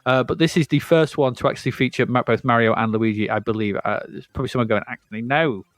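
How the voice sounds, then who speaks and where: A man's voice: medium pitch, quick pace, dry recording. A man co-hosting a podcast, chatting casually about retro video games and often stopping to correct himself. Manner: rambling, self-correcting, chatty. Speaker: podcast co-host. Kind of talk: casual retro gaming chat.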